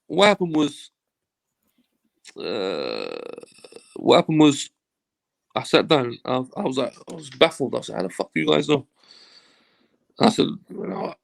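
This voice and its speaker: A man's voice: medium pitch, normal speed, creaky, pauses often. A man, a football agent, telling a casual anecdote as an interview guest, acting out dialogue and swearing freely. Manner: animated storyteller who acts out quoted dialogue and swears freely.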